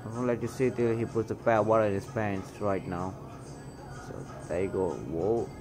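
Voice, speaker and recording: A man's voice: on the low side, fairly even intonation, moderate pace, over music. A store cashier, a man, narrating security footage with heated, indignant commentary and name-calling. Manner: indignant, heated, calls people names. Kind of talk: angry commentary over video.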